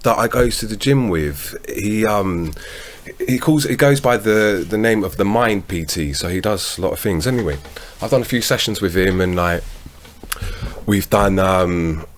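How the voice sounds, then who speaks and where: A man's voice: on the low side, normal speed, a little hiss or hum. A man, co-hosting a podcast, telling rambling anecdotes full of slang and swearing. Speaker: podcast co-host. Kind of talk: casual chat.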